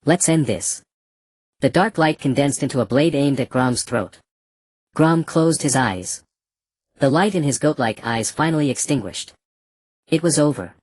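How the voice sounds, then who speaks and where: With a medium-pitched voice and no echo in the recording, an audiobook narrator tells a fantasy story in a calm, even, measured way.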